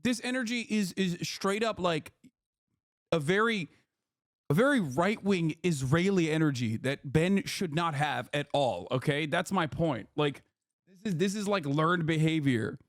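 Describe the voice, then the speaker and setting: Loud, mocking male streamer. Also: a little high, unhurried, no room sound, clean studio sound. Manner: loud, mocking, animated ranting. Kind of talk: live stream reaction commentary.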